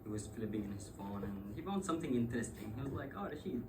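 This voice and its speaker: On stage, a Yemeni man tells a personal story, swearing and laughing through an animated retelling. His fairly low voice moves fast over background music. He sounds distant, with clear background noise.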